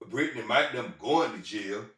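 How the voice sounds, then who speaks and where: A man with a middle-pitched voice tells rambling personal stories. He swears casually and keeps repeating and restarting his phrases. The sound is roomy and distant, as if he is sitting well back from the mic. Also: expressive, a bit bright. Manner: halting, repetitive restarts and profanity. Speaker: vlogger.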